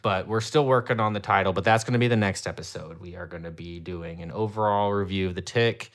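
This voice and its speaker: A young man co-hosting a podcast in casual chat, enthusiastic and quick to laugh. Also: deep voice. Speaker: podcast co-host.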